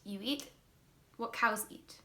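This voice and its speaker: A man's voice: high voice, slow, sharp tone, exaggerated voice. A woman mimicking an older Cuban man's broken English with a clumsy Cuban Spanish accent. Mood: teasing. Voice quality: exaggerated foreign accent. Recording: roomy echo.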